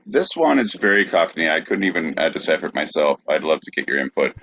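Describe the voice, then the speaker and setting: A man's voice: rumbling low, very animated, fast, fairly bright tone, a little hiss or hum. A man co-hosting a podcast, hesitant and dry as he reads out bits in comedic banter. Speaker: podcast co-host. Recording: dry, dull lo-fi sound.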